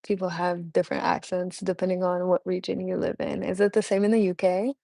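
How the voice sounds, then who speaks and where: A woman's voice: on the low side, flat delivery, a little fast, gravelly, dark tone, no room sound. A woman hosting a casual live stream chat, rambling with many fillers and laughing often. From United States. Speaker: livestream host.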